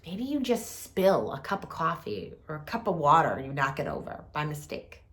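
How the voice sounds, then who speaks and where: A woman hosting a reflective talk on compassion, speaking softly and deliberately with gentle pauses. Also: low voice, sing-song. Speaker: host.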